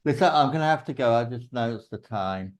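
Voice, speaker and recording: Casting: man with an English accent, mid pitch, relaxed, anecdotal teacher. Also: fairly quick, poor audio. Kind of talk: conversational explanation with anecdotes.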